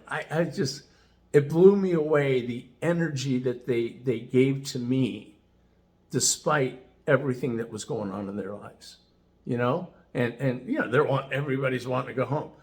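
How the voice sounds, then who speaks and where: A man casually telling a personal story as a customer testimonial, chatty and enthusiastic, with lots of "you know" fillers. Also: on the high side. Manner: enthusiastic, animated retelling.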